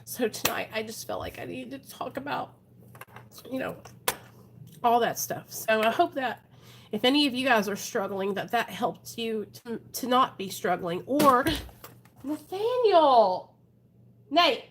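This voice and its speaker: A woman with a slightly high, animated voice speaks at a measured pace with frequent pauses over a noisy background. Hosting a recovery livestream from home, she talks frankly, earnestly, and casually to viewers, often calling them "you guys."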